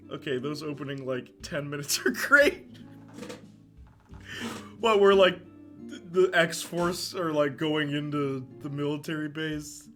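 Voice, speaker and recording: A man in casual live-stream chat, talking excitedly about movies and often laughing as he reacts to chat. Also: fairly high pitch.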